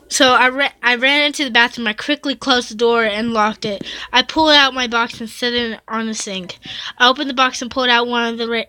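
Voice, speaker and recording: This woman YouTuber has a fairly high, bright and forceful voice that is smooth and steady, at a moderate pace with no echo. She reads fan fiction aloud, frequently stumbling and correcting herself, and breaks off for dramatic exclamations.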